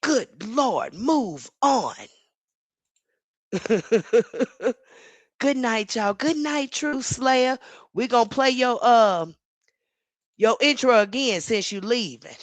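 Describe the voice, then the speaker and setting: A woman's voice: on the high side, expressive, slow, long pauses, no room sound. A woman, hosting a casual live commentary stream, reading the chat aloud and talking back to it, sassy and laughing often. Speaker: livestream commentary host.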